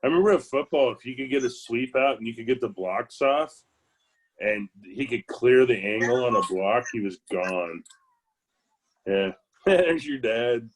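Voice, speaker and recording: A man's voice: medium pitch, animated, measured pace. A man in his late forties, a podcast guest, telling old school sports stories in an easygoing, enthusiastic way. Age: late 40s. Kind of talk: casual reminiscing chat.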